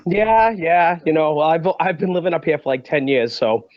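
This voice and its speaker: A man's voice: fairly high pitch, expressive, normal speed, no room sound, muffled recording. A man in his forties with a Massachusetts accent, a laid-back and agreeable podcast guest. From Lowell, Massachusetts. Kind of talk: casual chat.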